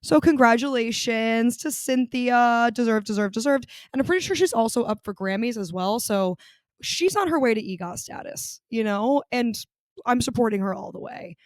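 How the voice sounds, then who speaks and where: A young adult woman hosting her own podcast, chatting casually and gossiping with lively jumps in pitch. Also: fairly quick, dry recording, studio quality. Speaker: podcast host. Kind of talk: casual solo podcast chat.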